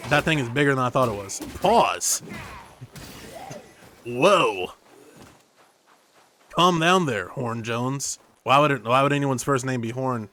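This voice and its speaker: A young man commentating over a game stream in an easygoing, rambling way, hopping from joke to joke. His voice sits at a middle pitch with a bright, forward edge. He talks close to his streaming microphone. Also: slow, long pauses. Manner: rambling, jokey, tangent-prone. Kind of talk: casual gaming commentary.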